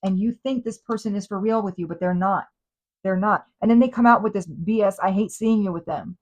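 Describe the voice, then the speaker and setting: A woman's voice: mid-range voice, a little fast, poor audio. A woman hosting a tarot reading, talking in a chatty, emphatic way with many fillers and restarts. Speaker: tarot reader and host.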